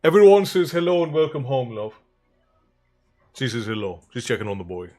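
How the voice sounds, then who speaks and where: A very animated man with a mid-range voice hosts a livestream at a fairly quick pace, faint music playing behind him. He rambles and chats amiably, warmly greeting viewers by name between stretches of reading a book aloud.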